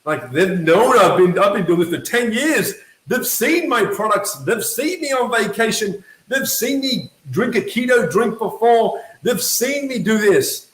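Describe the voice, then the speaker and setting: Brief: high-pitched male sales coach, animated and emphatic, echoey room. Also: unhurried. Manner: emphatic, keeps checking in with "okay?" and "right?"; lively, acts out quoted voices. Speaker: network marketing coach. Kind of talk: motivational talk to camera.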